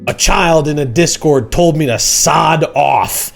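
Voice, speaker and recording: A man hosting a casual livestream, rambling and joking, acting out quoted shouts. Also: fairly high pitch, takes it slowly, gravelly, soft background music. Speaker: livestream host.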